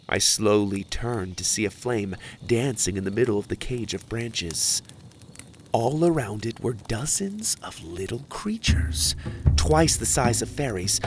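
A man narrating a first-person adventure story in a dramatic voice that often drops into a hushed whisper. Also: lowish voice.

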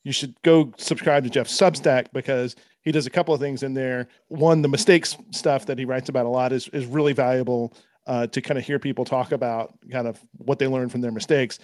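A man's voice: medium pitch, steady tone, brisk, darkish tone, dry recording. A male host with a mid-range voice leads a casual interview. He asks thoughtful, winding questions. The sound is dry and close.

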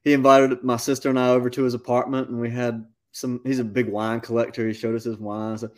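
Guy, musician guest, telling a story all animated, mid pitch voice. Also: fast. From North Carolina. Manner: animated anecdote-telling, with quoted asides. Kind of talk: casual storytelling interview.

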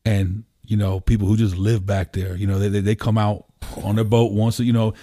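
A man's voice: on the low side, flat delivery, moderate pace, dark tone, no echo, studio quality. A man from Pennsylvania, a podcast guest, telling stories in a loose, rambling way, full of "you know" fillers and casual swearing. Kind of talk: casual storytelling conversation. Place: home room.

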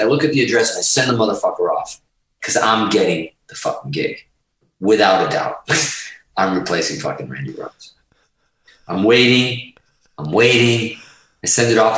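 A middle-aged man telling an animated, profanity-laced story in casual chat, often laughing as he talks. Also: lowish voice, heavy reverb, distant mic, rough recording. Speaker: guest guitarist telling a story.

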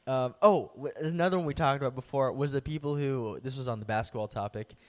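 This young man co-hosts a podcast, chatting casually and laid-back and laughing often. His voice is medium in pitch and quick.

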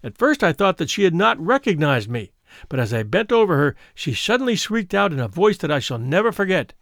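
A man reading the part of a frightened young woman who recounts her twin sister's death, in an earnest, measured storybook telling. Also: a little high, sing-song, fairly bright tone, no echo, studio quality. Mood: fearful. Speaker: audiobook reader.

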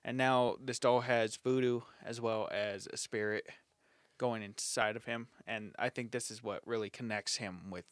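A man's voice: medium pitch, fairly even intonation, moderate pace, no room sound, clean studio sound. A man co-hosting a casual podcast, reading facts from his notes and laughing often with his friends. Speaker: podcast co-host.

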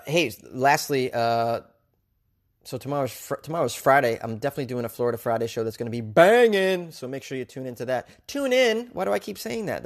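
A man hosting his own podcast, a stand-up comic chatting casually and jokingly, rambling with lots of fillers. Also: medium pitch. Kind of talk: casual solo podcast chat.

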